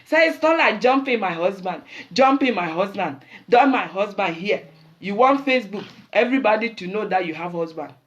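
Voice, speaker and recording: Animated Nigerian woman telling stories. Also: medium pitch. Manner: animated storyteller mixing in pidgin. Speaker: show host. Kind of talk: casual talk-show monologue.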